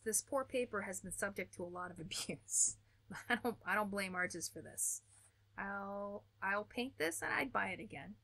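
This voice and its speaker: A woman's voice: medium pitch, sharp tone. An American woman hosting an art channel, giving a chatty, upbeat review with small laughs and restarts. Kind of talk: casual product review.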